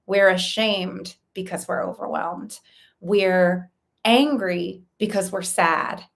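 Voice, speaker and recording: A woman coach speaks straight to her viewers in an earnest, explanatory way, stacking her points one after another in steady lists. Her voice sits in a middle pitch, neither high nor low. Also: slow, creaky. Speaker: life coach. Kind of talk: direct-to-camera coaching talk.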